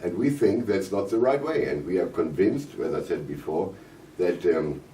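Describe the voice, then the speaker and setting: Hoarse German-accented man, low voice. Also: warm tone, a little hiss or hum. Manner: halting, many fillers and restarts. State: hoarse, coughing. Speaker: visiting parliamentarian at a press conference. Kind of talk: press conference remarks in English. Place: conference room. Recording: roomy, distant mic, faint ambience.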